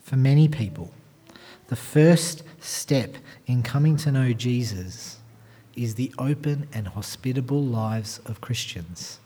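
A man's voice: medium pitch, slow pace, breathy edge. Emphatic male preacher delivering a sermon. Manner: emphatic, builds from quiet asides to loud, raised passages; addresses the congregation directly with rhetorical questions. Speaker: pastor.

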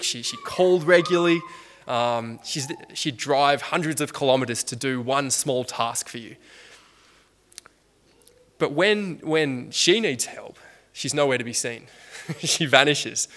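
A man with a bright, forceful voice preaches a Sunday sermon. He talks conversationally, restarting phrases and asking his listeners rhetorical questions. His delivery sounds like everyday talk more than oratory. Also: medium pitch.

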